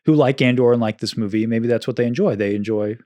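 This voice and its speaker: A man's voice: mid-range voice, quick pace, warm tone, no echo. Dry-miked man musing on film scores. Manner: thoughtful, careful with facts, qualifies his points. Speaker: podcast co-host. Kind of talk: casual film discussion.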